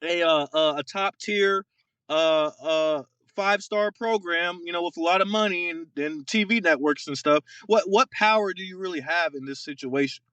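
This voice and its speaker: A young man co-hosting a casual sports podcast, ranting in an animated, mocking way with lots of fillers and repeated words. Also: sits high, moderate pace, clean tone, dry recording, lo-fi sound. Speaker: podcast co-host.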